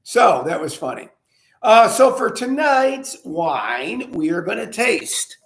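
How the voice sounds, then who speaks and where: An older man hosts his own wine show, chatting loosely and circling back with fillers and false starts. His voice sits slightly high for a man. The sound is roomy, with a clear echo off the walls. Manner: rambling with many fillers and restarts. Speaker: winery owner and show host. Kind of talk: casual storytelling and wine tasting. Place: indoors at his winery.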